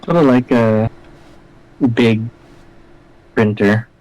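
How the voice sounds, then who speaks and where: A man's voice: lowish voice, steady tone, slow, a little mellow, muffled recording. A man giving hesitant, offhand answers while helping a friend with a game. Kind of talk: casual chat.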